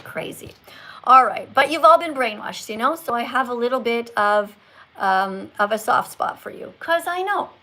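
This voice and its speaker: A woman's voice: a little high, expressive, moderate pace, bright, forceful tone, low-quality recording. Preachy scolding woman streamer. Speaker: livestream host. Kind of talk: livestream lecture with callers.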